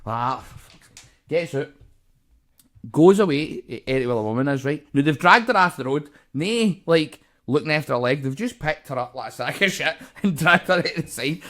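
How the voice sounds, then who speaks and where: A man's voice: fairly high pitch, expressive, brisk, few pauses, fairly bright tone. A Scottish man, co-host of a comedy podcast, telling a story in casual chat, swearing a lot and acting out the voices of the people in it.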